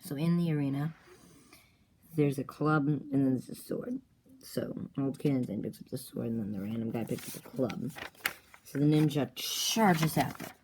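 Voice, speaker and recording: A storyteller rambling casually through a made-up comic plot, with fillers and quick character voices. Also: mid-range voice, darkish tone, slight background noise.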